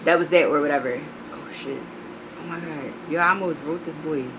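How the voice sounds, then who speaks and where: A woman vlogger telling a storytime, blunt and profane, animated as she reads out text messages. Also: low voice, fairly quick, background noise. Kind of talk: storytime vlog.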